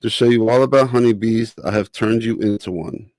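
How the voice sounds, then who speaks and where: A man's voice: on the low side, fairly quick, a little mellow, no echo, close to an everyday voice. A man voicing a friendly female queen honeybee in a children's storybook, speaking in a patient, teaching way. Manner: patient, instructive storybook speech. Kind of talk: reading a children's picture book aloud.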